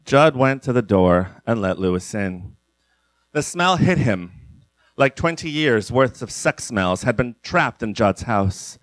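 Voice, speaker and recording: Deadpan man reading comic story. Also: mid-range voice, a little slow, no room sound. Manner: deadpan, breaks into laughter. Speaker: narrator.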